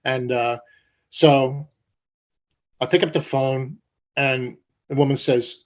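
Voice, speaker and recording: An older man from New Jersey telling stories in an interview, animated and profane, acting out the voices of people he quotes. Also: mid-range voice, takes it slowly, long pauses. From Paterson, New Jersey. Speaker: guest. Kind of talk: storytelling interview. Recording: dull lo-fi sound.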